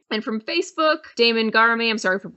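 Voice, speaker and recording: A woman's voice: on the high side, fairly quick, pushed and bright. A woman co-hosting a comedy podcast, giggly and chatty as she reads out thanks to listeners. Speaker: podcast co-host. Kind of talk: casual podcast chat.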